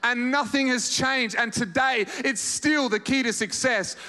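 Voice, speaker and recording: A man preaching a sermon as pastor, animated storytelling to his congregation in a large auditorium. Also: very high-pitched, unhurried. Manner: animated storytelling preacher, acts out quoted voices. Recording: reverberant hall.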